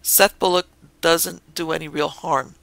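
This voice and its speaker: A man's voice: on the high side, fairly even intonation, unhurried, vocal fry, a bit bright, no room sound. A man reading the quoted words of a longtime female hotel desk clerk who recounts ghost stories in a matter-of-fact way. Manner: matter-of-fact, anecdotal telling.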